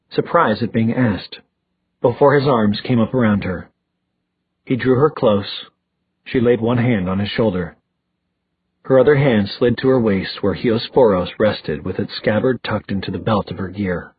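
A man reading a novel aloud as an audiobook narrator, telling the story in an even, unhurried way. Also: on the low side, slightly rough, no echo, phone-quality sound. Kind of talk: scripted narration.

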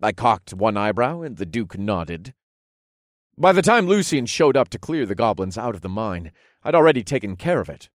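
A man narrating a first-person fantasy audiobook with wry, lively storytelling into a studio mic. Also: fairly low pitch, moderate pace, dry recording.

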